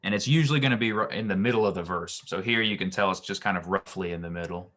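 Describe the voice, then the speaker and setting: A man tutoring Hebrew grammar, explaining slowly with many ums and restarts. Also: sits low, fairly bright tone.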